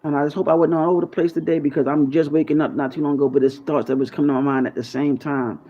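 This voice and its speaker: A YouTube channel host with a fairly high, flat-sounding voice races through a casual freestyle monologue to his viewers. He rambles in a conspiratorial way and curses freely, and the recording is dull and lo-fi.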